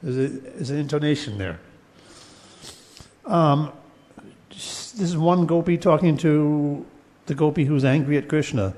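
Male lecturer, slightly high voice, patient and halting, recorded in a reverberant hall. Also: darkish tone. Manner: explains patiently, chants Sanskrit verses, many fillers and restarts. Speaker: teacher of Sanskrit poetics. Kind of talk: classroom lecture.

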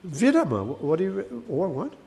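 Male teacher, slightly high voice, hesitant, chants verses slowly. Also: animated. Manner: halting, thinks aloud, chants verses slowly. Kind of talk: class lecture on Sanskrit poetics.

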